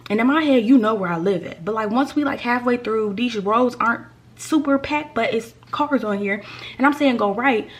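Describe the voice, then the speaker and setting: A woman vlogger telling a story from her own life, animated and fond of repeating lines for effect. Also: fairly high pitch, normal speed. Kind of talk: storytime vlog.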